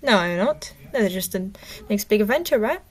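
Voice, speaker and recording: Woman reading as a calm, fearless teen boy in a storybook, faint British tinge. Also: medium pitch, normal speed, slightly rough. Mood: unbothered. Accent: light British put-on. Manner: calm, unbothered.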